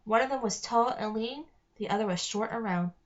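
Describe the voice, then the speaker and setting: A woman's voice: a little high, fairly quick, muffled recording. Woman reading a storybook aloud. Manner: careful, with small slips. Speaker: reader. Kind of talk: read-aloud narration.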